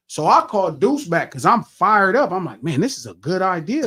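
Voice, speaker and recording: A middle-aged man with a fairly high voice tells a story on a podcast. He talks in a relaxed, profane way and acts out his own lines with energy. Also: brisk, hardly any pauses, breathy edge. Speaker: podcast host. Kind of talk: casual storytelling chat.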